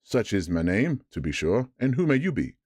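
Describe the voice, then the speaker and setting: A man voicing a hearty, scheming one-legged pirate tavern keeper in a bedtime story reading, loud and blustering. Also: fairly low pitch, big pitch swings, normal speed, breathy edge, dry recording, clean studio sound.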